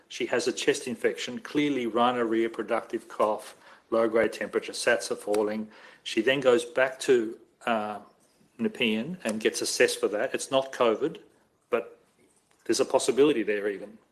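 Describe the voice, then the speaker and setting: A man's voice: mid-range voice, moderate pace, poor audio. An Australian man giving expert medical testimony at an inquest, hesitant and correcting himself as he thinks aloud.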